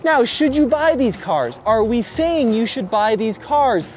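A high-voiced man presents an old luxury car outdoors with a wry, sarcastic showman's delivery. He talks casually to his co-host as he points out features. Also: sing-song, unhurried, soft background music. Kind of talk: casual car review chat.

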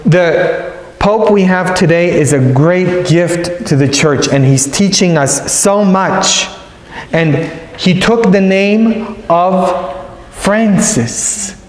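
A priest giving a retreat sermon, telling stories and repeating phrases for emphasis. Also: male voice, high-pitched, slow pace. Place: large church. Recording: echoey church hall.

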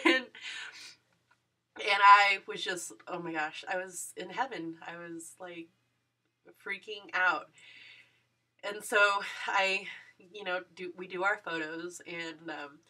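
A woman's voice: mid-range voice, steady tone, a little slow, pushed and bright, distant mic. A young woman vlogger gushing through a personal story, full of fillers and giggles.

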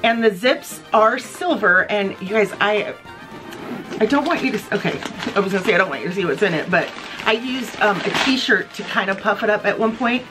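Bubbly lady vlogger gushing to the camera, home room, soft music in the background. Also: medium pitch, lively intonation, normal speed. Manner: bubbly, gushing, talks straight to viewers. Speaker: vlog host. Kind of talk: casual product show-and-tell vlog.

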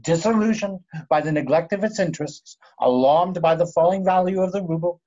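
A man's voice: on the high side, darkish tone, slightly rough. A man reading as a pompous old dandy. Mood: lecturing. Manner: pompous, drawling, theatrical. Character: pompous older English gentleman, vain dandy. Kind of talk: play reading over video call. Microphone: video call. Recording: dull lo-fi video call audio.

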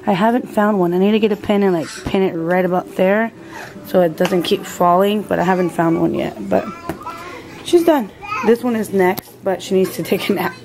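A woman's voice: mid-range voice, moderate pace. A young woman chatting casually to her camera, narrating her chores and her kids' routine at home, dropping in Spanish words to her kids. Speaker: family vlogger. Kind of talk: casual vlog chat. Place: family home, indoors. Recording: home video with steady background noise.

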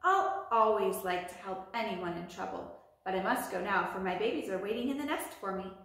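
A kind, brisk mother stork, as a woman reads her. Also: medium pitch, a bit bright, natural voice. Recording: echoey room.

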